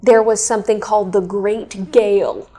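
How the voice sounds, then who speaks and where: A woman in her thirties hosting a casual chat, explaining history in a lively, chatty way. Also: medium pitch, normal speed. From Kansas City area. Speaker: weather show host.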